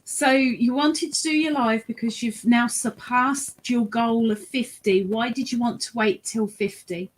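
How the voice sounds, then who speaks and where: A woman co-hosting a casual livestream, with a voice a little higher than usual. She teases and nudges her partner with pointed questions in a playful, bossy way. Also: fairly even intonation, unhurried, hardly any pauses. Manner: teasing, prodding interviewer. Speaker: co-host prompting the host. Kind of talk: casual live-stream chat.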